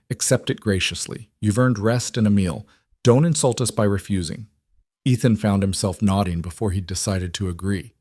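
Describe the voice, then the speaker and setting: A man narrating a western story in a steady, measured storytelling voice. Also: on the low side, no echo, studio quality. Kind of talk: scripted audiobook narration.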